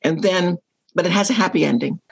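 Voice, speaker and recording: A woman's voice: on the low side, fairly quick, gravelly, husky. A woman in her sixties, a guest telling personal stories candidly and acting out remembered dialogue. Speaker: interview guest. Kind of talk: personal storytelling in conversation.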